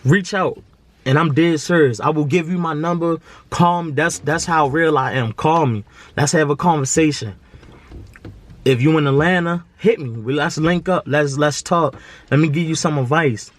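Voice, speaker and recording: Man in his twenties, earnest and slangy, slightly high voice, vlogging to camera. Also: normal speed, no room sound. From Baltimore. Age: 20s. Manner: earnest, preachy, slangy, repeats himself. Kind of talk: casual heartfelt monologue to camera.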